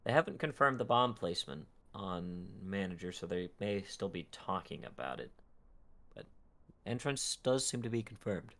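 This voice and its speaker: A man's voice: deep voice, expressive, normal speed, fairly bright tone. A man casting an esports match play-by-play, his energy rising when the fights break out. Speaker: esports caster.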